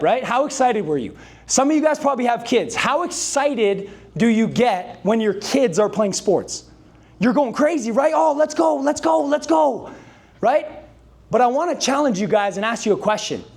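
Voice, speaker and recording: Sales trainer, male, very high pitch, loud hype delivery, keeps pulling the room into call-and-response. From Canada. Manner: energetic, hype-driven, calls on the audience to answer and repeat. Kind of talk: motivational speech to a live sales team. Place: dealership meeting room with a live audience.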